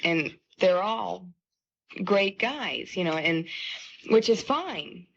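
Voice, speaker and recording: Husky, fairly low and slow with some vocal fry, this woman from a touring singing group is a lively storyteller who laughs a lot during a casual radio interview. It comes from a muffled 1970 broadcast.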